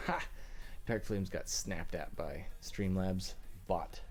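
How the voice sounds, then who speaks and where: A man's voice: sits low, takes it slowly, soft background music. A man casually chatting with viewers during a live stream while working on car tail lights, moving around his workbench. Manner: laid-back, talks to chat between tasks.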